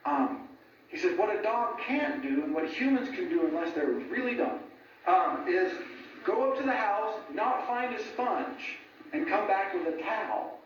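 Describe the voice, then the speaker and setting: Guy with a high voice lecturing casually, laughs at his own jokes, mic far off in a big echoey room. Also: unhurried, slight background noise. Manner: animated, asks "right?" often, laughs at his own jokes. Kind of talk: informal lecture. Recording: echoey room from a distant mic, dull sound.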